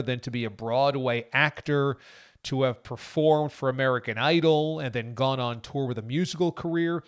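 Enthusiastic man hosting a podcast. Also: mid-range voice. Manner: enthusiastic, chatty sports fan. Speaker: podcast host. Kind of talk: casual podcast chat.

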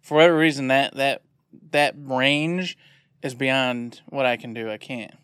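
A man co-hosting a video game podcast in an animated, jokey way, laughing often. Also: medium pitch, unhurried, clean tone, no echo, clean studio sound. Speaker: podcast co-host. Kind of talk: casual chat.

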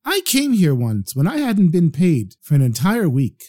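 A man's voice: on the high side, wildly swooping pitch, moderate pace, dark tone. Man doing a chatty, folksy synagogue caretaker. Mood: defensive. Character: poor, chatty, blunt male synagogue caretaker.

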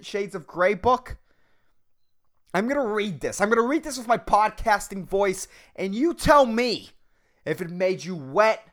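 A man hosting a comedy podcast on his own, talking in a loud, goofy, aggressive way and swearing freely. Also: sits high. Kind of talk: casual solo podcast talk.

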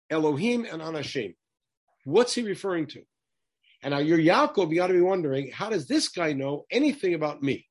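A man teaching a text study class in a high, husky voice that swoops up and down with lively emphasis. He keeps throwing rhetorical questions at his listeners as he works through the passage. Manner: animated, asks many rhetorical questions.

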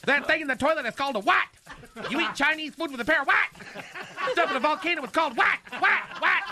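A man's voice: extremely high pitch, fast, noisy background. An actor playing a flamboyant, fussy, gossipy man in a comedy radio sketch, with a campy sing-song manner and dramatic sighs. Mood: campy gossip.

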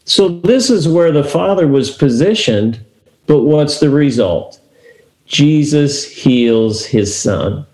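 A man telling a Bible story in an easy, conversational way, reading verses and then unpacking them. His voice sits a little high for a man. The room around him adds a noticeable echo. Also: lively intonation, slow pace, darkish tone. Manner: storytelling, reads scripture aloud and paraphrases it. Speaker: co-host of a faith talk show. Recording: roomy echo.

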